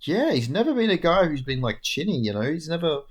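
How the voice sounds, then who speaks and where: A man's voice: on the high side, big pitch swings, brisk. A young man casually recapping MMA fights alone, rambling and tired, with lots of fillers and casual swearing. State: tired, yawning. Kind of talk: casual solo recap talk.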